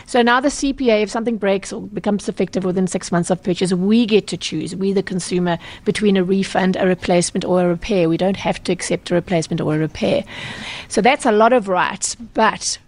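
A South African woman speaks as an interview guest, laying out consumer rules in a brisk, practical way. She stops often for an um and corrects herself mid-phrase. Her voice sits at an ordinary middle pitch for a woman. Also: a little mellow. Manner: brisk and explanatory, with frequent ums and self-corrections. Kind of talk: explanatory radio interview answers.

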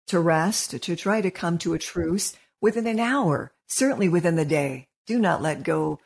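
A woman co-hosting a podcast as a marriage counselor, encouraging and quick to laugh in casual discussion. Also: fairly low pitch, husky. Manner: warm-hearted, encouraging, laughs easily.

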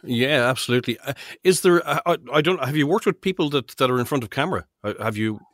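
A man's voice: medium pitch, lively intonation, fast, fairly bright tone, dry recording. A man hosting a podcast interview, asking friendly, short questions. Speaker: podcast host.

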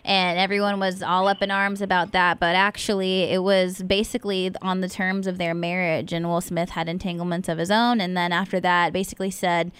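A woman's voice: lowish voice, flat delivery, fairly quick, hardly any pauses, fairly bright tone, clear, resonant tone. A woman co-hosting a casual podcast, chatty and teasing her co-host with laughter.

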